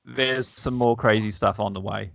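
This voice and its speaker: A man's voice: fairly low pitch, fairly even intonation, normal speed, creaky, a bit bright, no echo. A man hosting a podcast, reading a comic aloud in casual chat, wry and chuckling, with plenty of fillers. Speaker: podcast host. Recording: dull lo-fi, dry.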